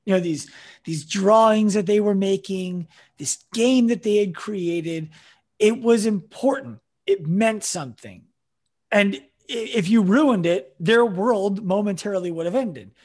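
Raspy higher-pitched guy, chiropractor on a podcast, talks it through earnestly. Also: a little slow, darkish tone. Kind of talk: conversational interview answers.

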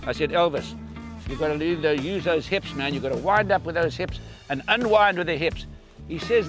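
An older man with a South African accent telling a lively anecdote in an interview, acting out the people in his story. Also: a little high, a little fast, music in the background. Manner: lively, vivid, acts out the people in his stories.

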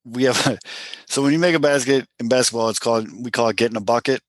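A man's voice: mid-range voice, steady tone, quick pace, no room sound. Podcast guest: man, talkative and keen, recorded dry. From Chicago, USA. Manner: enthusiastic, talkative, explains at length. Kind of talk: casual chat.

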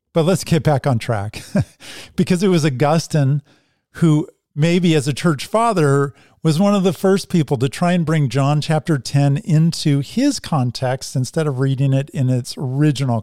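Mellow-voiced man teaching scripture. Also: mid-range voice, no room sound, clean studio sound. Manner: conversational lecturing, reads quotes aloud. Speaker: Bible teacher.

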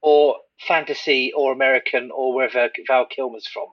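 A man with a husky voice, giving dry, opinionated takes in a casual film chat. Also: medium pitch, fairly even intonation, moderate pace, dry recording, highs cut off.

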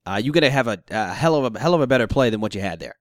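A man hosting a casual sports talk show, ranting in an animated, incredulous way. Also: mid-range voice, very fast, no echo, clean studio sound.

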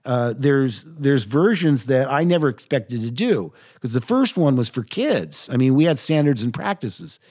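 An older man, a voice actor, telling lively anecdotes in an interview. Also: mid-range voice, normal speed, hardly any pauses. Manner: animated anecdotes, quotes himself in lively voices. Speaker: voice actor guest. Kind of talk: interview storytelling.

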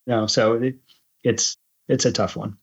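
A man's voice: medium pitch, little pitch movement, unhurried, creaky, breathy edge, dull audio. A man in his fifties, a guest in casual conversation, talking thoughtfully with many restarts.

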